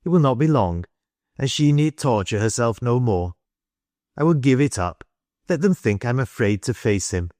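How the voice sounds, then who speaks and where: A man's voice: medium pitch, lively intonation, normal speed, darkish tone, no echo, close to an everyday voice. A man voicing a determined young engineer in an audiobook, in a firm, resolute manner close to his own voice. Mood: self-reproaching.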